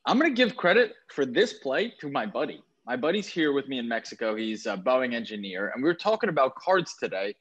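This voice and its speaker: A podcast co-host, away from home on a trip, chats enthusiastically and with lively energy about sports cards, correcting himself as he goes. His mid-range voice moves a little fast with few pauses, and the recording is muffled.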